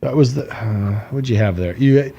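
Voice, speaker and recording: A man's voice: medium pitch, normal speed, warm tone, slightly rough, muffled recording. A man co-hosting a podcast, telling a long rambling story with many fillers, laughing and acting out quotes. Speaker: podcast co-host. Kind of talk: casual chat.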